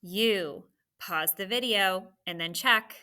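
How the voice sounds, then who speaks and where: A woman teacher leading a recorded dictation exercise for third graders, giving clear step-by-step instructions. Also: medium pitch, measured pace, bright, forceful tone.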